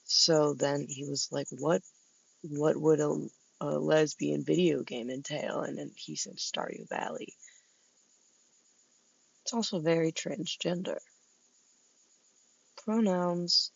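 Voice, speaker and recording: Standing outside just before heading in, a vlogger delivers a meandering, casual monologue to camera, laughing between thoughts. Their mid-range voice is creaky with a breathy edge, slow with long pauses, on a lo-fi recording with no room sound.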